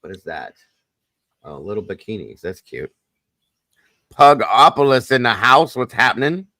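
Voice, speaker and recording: Man, low voice, dry close sound, joking casual host, animated storyteller. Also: a little slow, no room sound. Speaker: podcast host. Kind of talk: casual chat.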